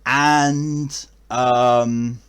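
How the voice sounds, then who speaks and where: A man's voice: medium pitch, steady tone, very slow, fairly bright tone, clear, resonant tone. A man with an English accent chatting casually to his viewers at the end of a stream, rambling with many fillers and restarts. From England.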